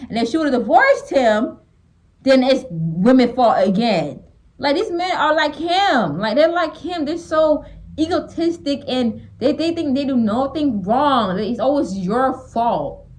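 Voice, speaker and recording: A woman's voice: high-pitched, very animated, measured pace, darkish tone, slight background noise, poor audio. A woman giving blunt, exasperated reaction commentary on a reality show as a small YouTuber, often repeating and restarting her phrases.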